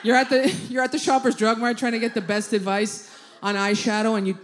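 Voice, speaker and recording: A woman's voice: a little high, little pitch movement, a little fast. A woman doing a stand-up comedy set, telling brash, swearing stories in punchy bursts. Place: comedy club stage, audience laughing.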